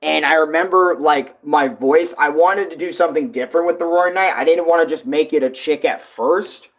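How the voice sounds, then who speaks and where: A man's voice: a little high, brisk. A man talking casually about making his song, rambling with lots of fillers and swearing. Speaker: music creator vlogging.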